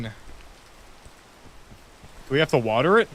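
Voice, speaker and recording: A man's voice: fairly low pitch, animated, moderate pace, fairly bright tone, a little hiss or hum. A man giving casual, joking gameplay commentary to a friend, making mock-dramatic complaints. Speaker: video game player.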